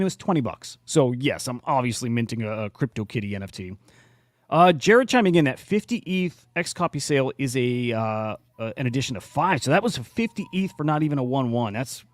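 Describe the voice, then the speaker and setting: A man's voice: mid-range voice, dry recording, studio quality. A man hosting a podcast in casual chat, blunt and profane with plenty of restarts. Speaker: podcast host.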